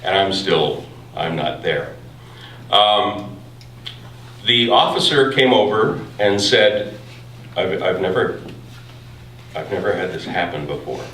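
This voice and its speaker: A man telling a true personal story live and without a script, halting over his words with a wry tone. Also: deep voice, lively intonation, fairly bright tone, recorded from a distance, a little hiss or hum. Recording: roomy live room from afar, faint ambience.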